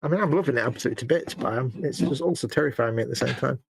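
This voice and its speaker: Gravelly man, sarcastic banter. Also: medium pitch, racing, background noise. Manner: joking, sarcastic, teasing. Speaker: co-host of a live painting stream. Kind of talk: casual chat while painting models.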